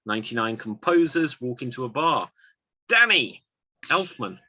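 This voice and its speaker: A man hosting an online improv game, calling on players in a drawn-out, playful way over a video call. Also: medium pitch, expressive, pushed and bright.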